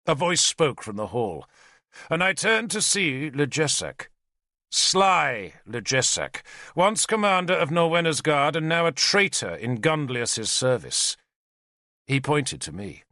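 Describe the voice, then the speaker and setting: Brief: male audiobook narrator, gravelly texture, lively dramatic reading, dry close sound. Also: mid-range voice, unhurried, no room sound. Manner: dramatic storytelling. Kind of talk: scripted first-person narration.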